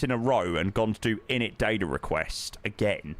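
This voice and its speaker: A man's voice: fairly low pitch, animated, normal speed. A man, chatting casually with his live-stream chat while flying a sim, swearing now and then.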